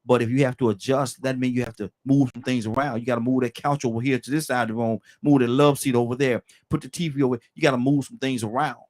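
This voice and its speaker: A male talk show host with a mid-range voice. He keeps the conversation going with questions and steady affirmations, relaxed and conversational. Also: mid-range voice, fast, hardly any pauses. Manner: affirming, prompting guests with questions. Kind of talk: casual radio talk.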